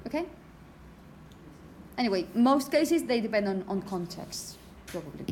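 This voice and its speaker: A woman's voice: medium pitch, sing-song, a little slow, darkish tone, a little hiss or hum. A woman teaching a phonetics lecture to teachers. She explains step by step, checks in with the class as she goes, and chants example phrases to show the rhythm. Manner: explanatory, checks in with "okay?" and "yeah?".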